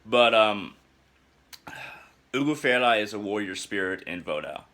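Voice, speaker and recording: A young man talks through a personal reflection in a fairly low voice that still sounds bright and forceful. He is earnest and halting, filling pauses with uhs and restarting his sentences as he gropes for the right words. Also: animated.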